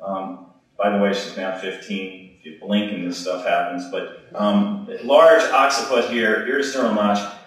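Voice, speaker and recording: A man's voice: fairly low pitch, steady tone, measured pace. A man giving a conversational medical lecture, telling stories in an informal way with plenty of fillers. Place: lecture hall. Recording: echoey hall from far off.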